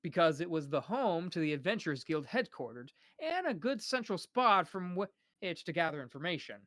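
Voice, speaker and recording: Male voice actor, live novel reading, slightly high pitch, dry close sound, trips over names. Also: a bit bright, no echo. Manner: stumbles over names and restarts words. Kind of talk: live read-aloud of a novel.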